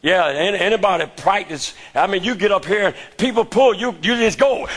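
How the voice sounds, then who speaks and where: A man preaching a sermon who shouts often and calls out to the congregation for response. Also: high voice, expressive, brisk.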